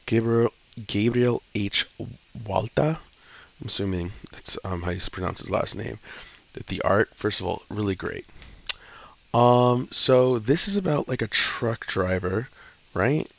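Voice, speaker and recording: A man with a low, gravelly voice talks through his comic picks in a loose, slangy, cussing style. He gets excited as he retells plots. The recording is dull and lo-fi, with a dry, close sound. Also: a little slow. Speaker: comic book reviewer host. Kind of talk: casual comic review.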